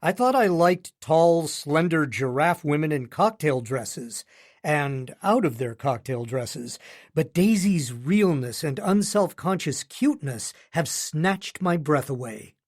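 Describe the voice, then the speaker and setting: Slow, wry male audiobook narrator. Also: a little high, expressive. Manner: wry, smug, joking. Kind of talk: first-person audiobook narration.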